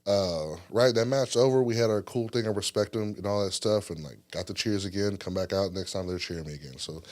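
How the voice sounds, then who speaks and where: A man guesting on a podcast interview, telling animated stories with lots of swearing, his voice jumping up when he gets excited. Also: lowish voice, brisk. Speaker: guest wrestler.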